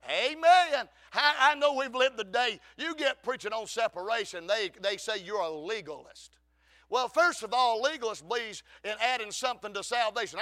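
A man, preaching a fervent Baptist sermon with shouted lines and frequent calls of amen. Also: extremely high pitch. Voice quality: gravelly.

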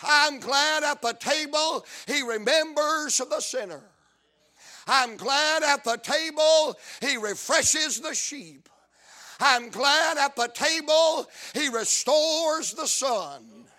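Chanting, shouting and whooping, a man with a South Carolina accent preaches a revival sermon, repeating his lines rhythmically. His voice is very high and his pace slow.

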